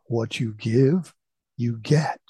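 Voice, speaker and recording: A man voicing a calm father who explains a life lesson to his young son in a told story. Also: medium pitch, slow, slightly rough, dry recording. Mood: wise.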